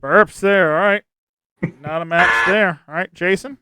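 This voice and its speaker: A man hosts a game show in a high, light voice. He reads each prompt with upbeat cheer and laughs easily between the players' answers. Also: a little slow, heavy background noise. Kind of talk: hosting an online game show.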